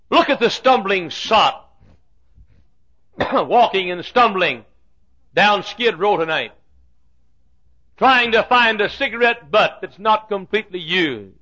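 A man preaching a sermon, telling a Bible story with dramatic swings from loud declarations to hushed asides. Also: high voice. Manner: acts out the Bible characters' lines.

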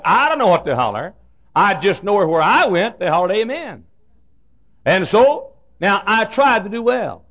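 A man preaching a sermon, telling a folksy story in an animated way that builds suspense. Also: high voice, normal speed, pauses often. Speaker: pastor. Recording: dull lo-fi sermon recording.

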